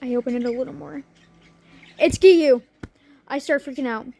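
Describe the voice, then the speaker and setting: A young woman telling a story to her camera in a casual, excitable way, gasping and laughing as she goes. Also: high-pitched, moderate pace, gravelly. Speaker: vlogger.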